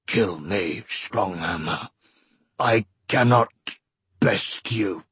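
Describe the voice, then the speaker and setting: Man playing a proud horned brute warrior, low rumbling mutter, husky, dry sound, storybook. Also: very slow, a bit bright, dry recording, exaggerated voice. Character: huge grey male horned warrior, proud and stubborn.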